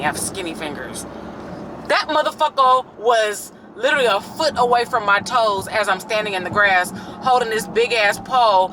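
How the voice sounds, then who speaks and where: A young adult woman chatting casually to her viewers in a vlog, telling stories in an animated, profane way. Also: on the high side, slight background noise. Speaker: vlogger. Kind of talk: casual vlog chat to camera.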